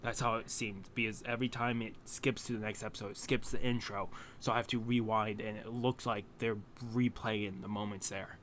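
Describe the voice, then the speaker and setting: A man's voice: on the low side, fairly even intonation, fairly bright tone, slight background noise. Emotional man on the verge of tears. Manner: halting, emotional, swears often, restarts. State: close to tears. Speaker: anime reaction channel host. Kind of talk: emotional reaction talk to camera.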